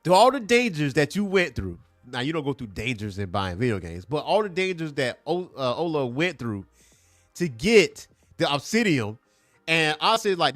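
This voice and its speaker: Casting note: young adult man, comic show host, lively and emphatic delivery, dry close sound with faint music underneath. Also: on the high side, moderate pace, dry recording. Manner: animated, emphatic, repeats points for effect. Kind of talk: casual comic book review.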